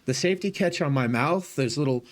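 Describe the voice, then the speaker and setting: A man's voice: fairly high pitch, fairly quick. A man streaming, telling a rambling story in casual talk, swearing freely and acting out the voices of people he quotes. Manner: animated, profane, acts out quoted voices.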